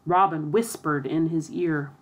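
A woman narrating a storybook aloud in a steady, expressive reading. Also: low-pitched, measured pace.

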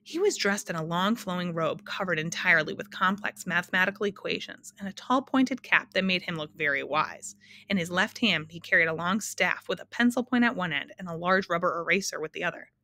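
A woman narrating a storybook aloud in a measured, expressive way. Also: fairly low pitch.

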